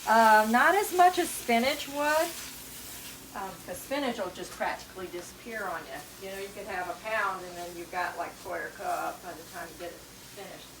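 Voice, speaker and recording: A woman with a Southern US accent talks her way through a recipe in a casual, homey manner, stirring as she goes. She sounds a little off-mic in an echoey kitchen. A pan sizzles loudly behind her. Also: mid-range voice, normal speed, distant mic, background noise. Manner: chatty, homey, talks while stirring and cooking. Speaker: cooking channel host. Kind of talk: casual cooking demonstration. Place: borrowed home kitchen, indoors. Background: frying and sizzling from the stove.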